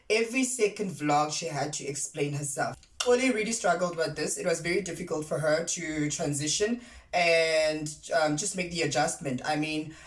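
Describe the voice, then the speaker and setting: A voice in a casual commentary vlog, chatty and sassy, firing rhetorical questions at the audience. The pitch sits mid-range, neither high nor low. The sound carries a roomy echo. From South Africa. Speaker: commentary vlogger.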